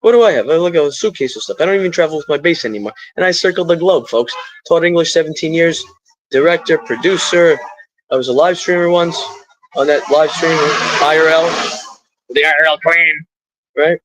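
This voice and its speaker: A man's voice: a little high, brisk, background noise. A middle-aged man talking to his live stream in a rambling, stream-of-consciousness way, drifting into spiritual asides.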